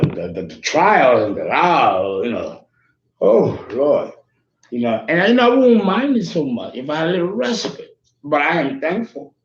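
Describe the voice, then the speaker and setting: Candid man in his fifties, roomy sound. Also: mid-range voice. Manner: candid, emotional, profane, meandering. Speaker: astrologer. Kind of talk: casual rambling monologue. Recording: roomy, slightly dull sound.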